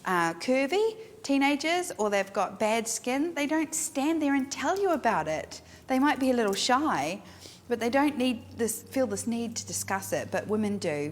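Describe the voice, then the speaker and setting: Frank, animated middle-aged woman leading a studio workshop; echoey hall sound, faint noise. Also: medium pitch. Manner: frank, emphatic, animated storyteller. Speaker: photographer teaching a workshop. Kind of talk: instructional talk to a class. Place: photo studio.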